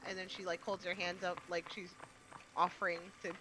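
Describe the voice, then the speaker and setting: A woman playing in a casual tabletop game. She is excitable, swears freely and slips into character voices. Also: on the low side, brisk, background noise. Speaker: player.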